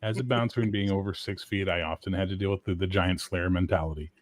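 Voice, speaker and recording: Brief: lower-voiced man, ex-bouncer host, profane animated storyteller, dry close sound. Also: quick pace, dry recording. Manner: profane, animated, loud when acting out quotes. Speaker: podcast host and former bouncer. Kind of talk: casual storytelling chat.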